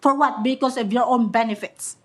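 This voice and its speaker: A woman with a high voice speaks at a podium microphone in a council chamber. She is angry and accusatory, and she stumbles and repeats her words as she gives her public comment. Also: fairly even intonation, brisk.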